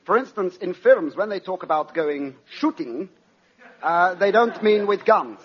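A man doing a deadpan film director. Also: sits high, slightly rough, heavily acted. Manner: deadpan, halting, literal. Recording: dull lo-fi sound, noisy crowd.

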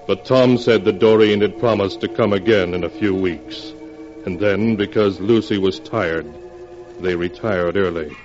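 A very deep-voiced man narrating an old radio drama, measured and grave. The sound is dull and lo-fi, with faint music underneath, like a vintage broadcast. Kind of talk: scripted narration.

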